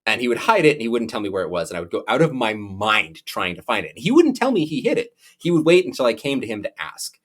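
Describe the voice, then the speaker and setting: A young man co-hosting a podcast, telling a personal story in a lively, animated way. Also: medium pitch, quick pace, few pauses. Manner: animated storyteller, acts out quotes. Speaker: podcast co-host. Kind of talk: casual chat, storytelling.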